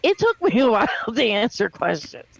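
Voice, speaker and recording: A woman whose first language is Dutch chats loosely on a podcast. She laughs through her stories, swears easily, and her pitch moves in a lively way. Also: a little fast, vocal fry, dull audio. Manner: laughs often, swears casually. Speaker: podcast co-host. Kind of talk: casual podcast chat.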